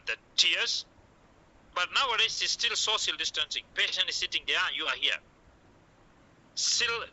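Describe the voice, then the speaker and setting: Bright-voiced man teaching, repeating okay. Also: sits high, poor audio. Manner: repeats "okay" often, coaching tone, acts out doctor lines. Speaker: medical communication teacher. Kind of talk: classroom lecture.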